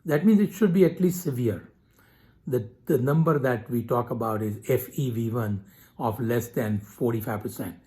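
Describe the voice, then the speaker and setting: Man explaining lung tests, measured and clear. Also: mid-range voice, darkish tone. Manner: measured, explanatory, spells out abbreviations. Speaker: physician. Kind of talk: medical explainer talk.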